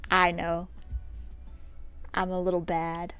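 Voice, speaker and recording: A woman's voice: mid-range voice, a little slow, long pauses, a little mellow, soft background music. A young woman streaming herself painting her nails, chatting with viewers in a rambling, self-deprecating way. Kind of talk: casual chat while painting nails on stream.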